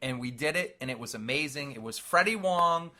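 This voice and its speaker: A young man co-hosting a casual podcast, telling animated stories and laughing often. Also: medium pitch, a little fast. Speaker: podcast co-host.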